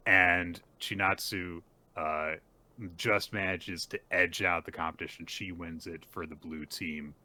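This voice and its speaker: This manga podcast co-host has a low, sharp voice with fairly even intonation and a measured pace. In casual chat, he retells chapters with animation and acts out what the characters say.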